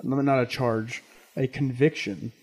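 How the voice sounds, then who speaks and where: A man in his twenties, co-hosting a podcast, telling a rambling, animated and profane story. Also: mid-range voice, measured pace. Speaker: podcast co-host. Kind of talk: casual storytelling chat.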